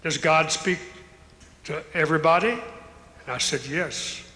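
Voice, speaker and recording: Impassioned older preacher in a ringing hall. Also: male voice, fairly high pitch, a little slow, bright, forceful tone. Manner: impassioned, building to raised calls. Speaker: evangelist preacher. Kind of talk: sermon. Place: large church, live service. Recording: echoey hall with long reverb.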